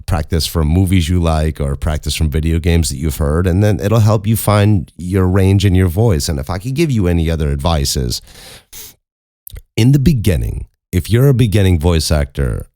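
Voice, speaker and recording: Very deep-voiced Chicago man giving advice. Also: vocal fry, warm tone, dry recording, studio quality. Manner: candid, conversational, with frequent restarts. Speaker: podcast host and voice actor. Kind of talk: casual advice talk.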